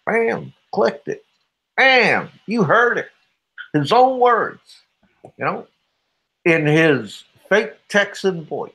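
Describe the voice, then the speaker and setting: A man's voice: high-pitched, very animated, takes it slowly, creaky, long pauses, sharp tone. A man hosting a casual online radio show, trash-talking with mock-serious swagger and frequent laughter. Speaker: podcast host. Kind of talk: casual chat, trash talk.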